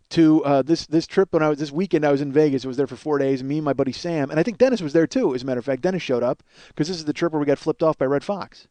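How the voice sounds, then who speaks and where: A middle-aged man hosts a comedy podcast, spinning rambling, profane, self-mocking stories and acting out the other voices. His voice sits a little higher than most men's. The sound is dry and close, with no room echo. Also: fast talker, few pauses, warm tone. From Chicago area. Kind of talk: comic storytelling monologue.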